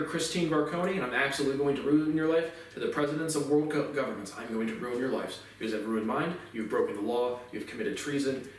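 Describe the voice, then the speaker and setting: A man pours out a long, bitter monologue, circling back to the same grievances again and again. His voice sits at an ordinary middle pitch. It rings in a hard, echoing room and sounds far from the microphone. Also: slight background noise. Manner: bitter, intense, repetitive complaints. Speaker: vlogger. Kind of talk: aggrieved rambling monologue. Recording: very echoey room, voice distant from mic.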